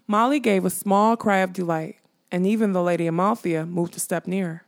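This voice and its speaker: A woman narrating a fantasy audiobook in a measured storytelling manner. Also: fairly low pitch.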